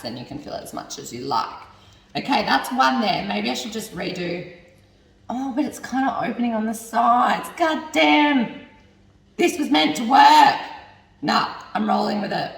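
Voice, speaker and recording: A woman's voice: medium pitch, vocal fry, fairly bright tone. A young woman making a cooking vlog, chatting and thinking aloud as she cooks and swearing when things go wrong. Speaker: cooking vlogger. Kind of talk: casual cooking chat. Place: home kitchen. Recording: echoey kitchen, mic at a distance.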